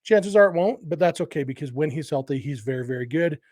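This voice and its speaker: A man's voice: fairly high pitch, animated, quick pace, darkish tone, no echo, clean studio sound. A middle-aged man hosting a casual sports podcast, thinking aloud with fillers and restarts. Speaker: podcast host.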